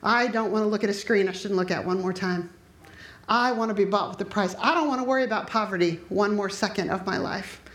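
A woman's voice: mid-range voice, a little fast, a bit bright. Middle-aged woman pastor, emphatic storyteller, recorded in a reverberant church. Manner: emphatic, storytelling, acts out quoted speech. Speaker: preacher. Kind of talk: sermon with personal testimony. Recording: echoey room.

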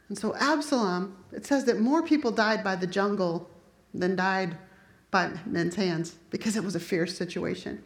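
A woman preaching a sermon, retelling a Bible story in an animated way and acting out the characters' lines. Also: mid-range voice, normal speed. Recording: echoey room.

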